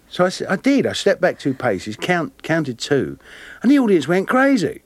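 A man with a Cockney accent, a guest actor telling lively anecdotes with frequent laughter. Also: a little high, a little slow, dry recording. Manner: animated, laughing often, plays voices in his stories. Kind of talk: storytelling interview anecdotes.

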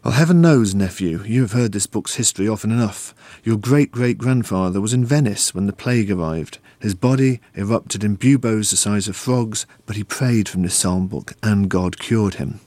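A man's voice: lowish voice, normal speed, few pauses, warm tone, no echo, natural voice. A man reading aloud and voicing a stern, pious older uncle who solemnly exhorts his nephew. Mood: solemn exhortation.

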